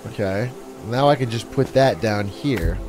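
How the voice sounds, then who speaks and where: A man streaming a puzzle game live, giving excitable, sarcastic commentary with frequent swearing and laughter. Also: lowish voice, unhurried. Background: game music.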